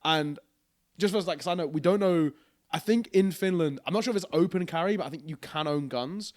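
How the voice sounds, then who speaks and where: A man's voice: on the high side, a little fast, no echo, studio quality. A young man telling a rambling story on a casual podcast, swearing freely. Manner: rambling, animated anecdote with swearing and laughter. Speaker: podcast co-host.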